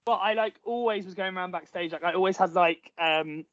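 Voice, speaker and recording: A man's voice: high-pitched, brisk, fairly bright tone, no room sound. A man who is an actor, chatting as an interview guest and telling stories with lots of "like" fillers, speaking through headphones. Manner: chatty storytelling with many "like" fillers. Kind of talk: casual interview chat. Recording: dull lo-fi sound.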